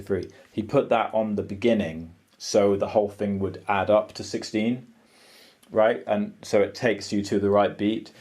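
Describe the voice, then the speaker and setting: A man's voice: sits low, a little mellow. A man guitarist explaining rhythms, singing the syllables aloud with many ums and restarts. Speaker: guitarist and music teacher.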